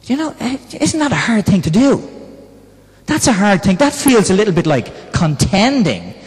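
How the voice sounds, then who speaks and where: A man's voice: sits high, huge pitch swings, normal speed. A man preaching a sermon in a conversational way, often asking the congregation questions. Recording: long reverb in a church hall.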